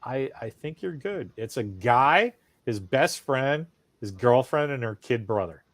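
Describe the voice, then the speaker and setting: Lively, animated middle-aged man telling stories. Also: mid-range voice, unhurried, dry recording. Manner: animated storyteller, swears, acts out quotes. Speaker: podcast co-host. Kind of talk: casual chat.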